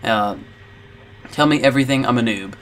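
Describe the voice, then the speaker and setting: A man's voice: medium pitch, normal speed, soft background music. A man hosting a gaming channel, rambling in casual commentary over gameplay with lots of filler words.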